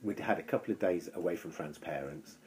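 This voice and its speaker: Deep-voiced man telling a rambling story. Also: a little fast, a little mellow, slight background noise. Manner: rambling, swears freely. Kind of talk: casual storytelling chat.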